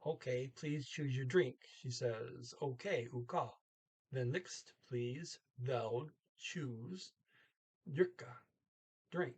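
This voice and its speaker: A man with a husky, slightly breathy voice gives a self-recorded language lesson. He talks slowly and haltingly, sounding out foreign words with care. Each word is followed by a plain translation, with pauses while he thinks aloud. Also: mid-range voice, a little mellow. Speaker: language tutor.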